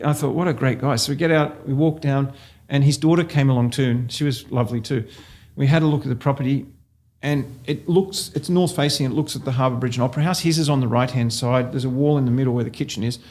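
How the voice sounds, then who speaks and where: A man with an Australian accent and a mid-range voice tells stories from his sales career. He talks in a relaxed, conversational way, and his delivery gets animated as he recounts his anecdotes. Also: mid-range voice. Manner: animated storyteller, laughs while telling anecdotes. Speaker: real estate agent, guest. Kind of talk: casual interview storytelling.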